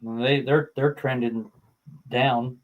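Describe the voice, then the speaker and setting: A man co-hosting a casual sports talk show, relaxed, reading listener messages aloud with plenty of you knows. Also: medium pitch, slow, poor audio. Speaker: co-host.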